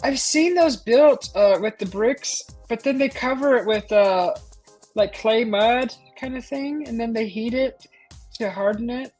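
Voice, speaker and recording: A woman's voice: on the high side, measured pace, a little mellow, soft background music. A middle-aged woman hosting a casual live stream, chatting animatedly and asking her viewers lots of questions. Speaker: livestream host.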